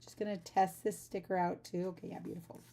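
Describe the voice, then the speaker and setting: She's just gotten up and sounds sleepy, yet this chatty artist keeps rambling to her livestream viewers while packing orders in her home art studio. The voice is fairly low, level and warm, moving at a quick pace.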